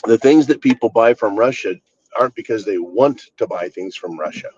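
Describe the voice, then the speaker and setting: A man's voice: fairly low pitch, animated, normal speed, darkish tone, dull audio, slight background noise. A man hosting his own channel, ranting bluntly and with exasperation, swearing freely. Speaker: channel host. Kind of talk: casual political rant.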